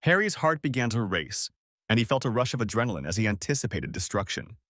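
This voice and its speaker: Man reading out an audiobook story, pitch all over, dry mic. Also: sing-song, quick pace, a bit bright, no echo. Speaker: narrator.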